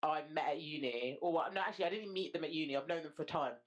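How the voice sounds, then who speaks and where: A woman's voice: low voice, racing, dull audio. A young woman, chatting casually on a podcast over a video call, telling rambling stories full of slang and asides. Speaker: podcast co-host. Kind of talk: casual chat.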